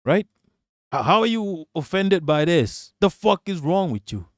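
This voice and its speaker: A man hosts a live political stream, talking back to chat and swearing as he rants. His voice sits slightly high for a man. The recording is dry and close, with no room sound. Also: sing-song, unhurried, no room sound. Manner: profane, ranting, talks back to chat.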